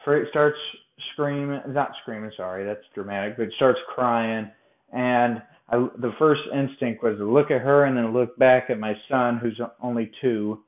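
A young man from Colorado tells a personal faith story as a podcast host. He talks in a casual, rambling way, often restarts sentences and pokes fun at himself. His voice sits at an ordinary middle pitch, and it comes through a thin, phone-like line in a room with a lot of echo. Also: measured pace. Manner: chatty, rambling, self-deprecating with frequent restarts. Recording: tinny phone-like sound in an echoey room.

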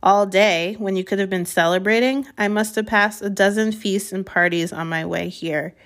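A woman reading aloud, voicing a calm, gentle old male wizard in a storybook. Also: medium pitch, lightly acted. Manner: gentle, unhurried.

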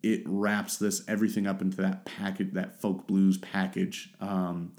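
A man's voice: low-pitched, monotone, moderate pace, darkish tone. A man hosting a solo podcast, talking casually and rambling as he searches for the right words. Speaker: podcast host.

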